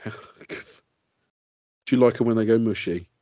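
A man's voice: on the low side, unhurried, warm tone, no room sound. A man co-hosting a casual comedy podcast, ranting and swearing with frequent giggles. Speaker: co-host. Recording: dull lo-fi, dry sound.

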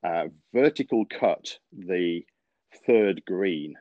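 A man doing an old-school Southern American golf course superintendent with a put-on drawl, giving orders slowly and with emphasis. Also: deep voice, expressive, dry recording, full character voice. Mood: gruff orders. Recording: dull lo-fi podcast audio.

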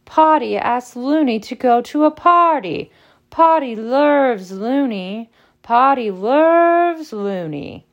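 Give me a high, cackling, taunting poltergeist, put on by a woman reading. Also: lively intonation, slow pace, dull audio. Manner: shrill sing-song taunting. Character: cackling mischievous male poltergeist.

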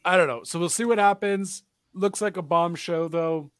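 A man's voice: high-pitched, normal speed, a bit bright, clean tone, dry recording, studio quality. A young man hosting a casual wrestling chat show, rambling with lots of fillers in an upbeat way. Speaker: podcast host.

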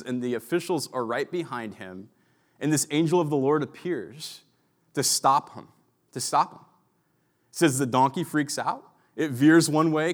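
A man preaching a sermon in a conversational storytelling way, full of asides and fillers. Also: a little high. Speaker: pastor.

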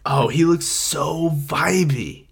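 A man's voice: a little high, slow pace, gravelly, husky. A young adult man co-hosting a podcast, teasing and bantering playfully in casual chat. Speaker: podcast co-host.

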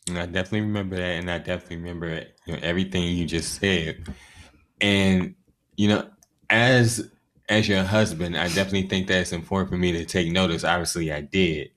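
A man's voice: low-pitched, fairly even intonation, fast, a bit bright. A man hosting a podcast, steadily leading the talk and asking questions. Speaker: podcast host. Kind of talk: casual chat.

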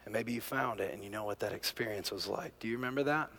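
A middle-aged male pastor preaching a sermon, telling a family story, moving from hushed, quiet moments to loud, excited peaks. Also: fairly low pitch, quick pace. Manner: animated storyteller, swings from hushed to near-shouting.

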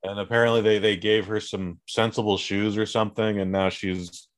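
Low-voiced joking man co-host. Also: level tone, normal speed. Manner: joking, laid-back, calls people bro and dude. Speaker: podcast co-host. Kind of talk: casual chat.

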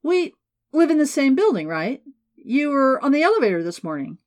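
A woman's voice: high-pitched, very animated, normal speed, a little mellow, dry recording, pitched above the performer's own voice. A woman voicing a rude, hostile male businessman who taunts and sneers, in an audiobook. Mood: sneering. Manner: sneering, goading, then shrieking.

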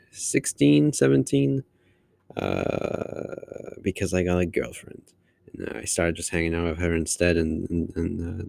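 A man's voice: lowish voice, creaky, a little mellow, dry recording, clean studio sound. A man hosting his podcast alone, talking casually in a long-winded, rambling way. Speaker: podcast host. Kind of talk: casual solo monologue.

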